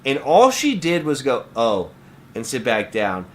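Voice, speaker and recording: A young man from Washington State, co-hosting a podcast, telling a story in an animated, profane way. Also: mid-range voice, normal speed. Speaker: podcast co-host. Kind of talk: casual storytelling.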